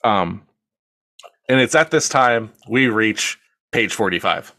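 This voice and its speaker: A podcast host with a lowish, animated voice takes his time casually retelling a film scene by scene, acting out the characters' lines and swearing freely. His delivery is pushed and bright, recorded dry with studio quality.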